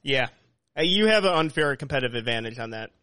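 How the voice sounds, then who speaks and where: Bright, dry-voiced joking podcast host man. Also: medium pitch, lively intonation, fast, no room sound. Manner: joking, talks over others. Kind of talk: casual chat. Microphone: video call.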